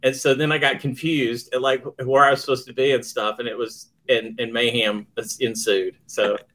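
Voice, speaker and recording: A man co-hosting a casual podcast, talking in loose rambling bursts and joking around. His voice sits at an ordinary middle pitch. Relaxed, chatty delivery. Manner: chatty, rambling, quick to joke. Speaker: podcast co-host. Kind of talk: casual chat.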